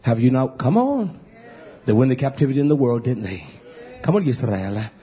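A man preaching a fiery sermon on a live stream, chanting drawn-out cries and swinging between shouts and low murmurs. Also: lo-fi sound.

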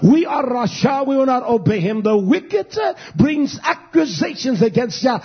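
A high-pitched man preaching with a raspy, gravelly edge. He takes his time over each phrase and keeps calling out to the congregation. The recording sounds dull and lo-fi. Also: lively intonation, moderate pace, few pauses. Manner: exhorting, calls out to congregation. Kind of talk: sermon.

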